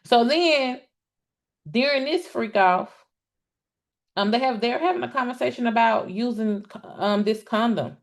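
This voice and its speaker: A woman with a slightly high voice hosts a casual trial commentary live stream. Chatty and exclamatory, she talks directly to those watching and often pauses with "um," then starts over.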